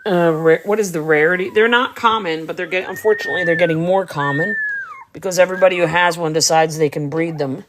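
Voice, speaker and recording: Chatty woman dog breeder, lowish voice. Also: fast talker, noisy background. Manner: chatty, answers viewer comments while tending puppies. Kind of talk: casual livestream chat.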